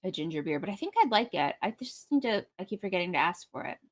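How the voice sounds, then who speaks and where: A woman's voice: lowish voice, sing-song, fast. Giggly woman co-hosting a livestream. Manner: laughs often, musing and playful. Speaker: livestream co-host. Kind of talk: casual comedic chat.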